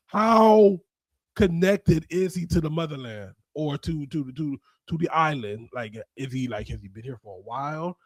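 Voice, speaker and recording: A man from South Florida co-hosting a podcast, telling animated stories and putting questions to the audience. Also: a little high, normal speed, dry recording. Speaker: podcast co-host. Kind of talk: casual chat.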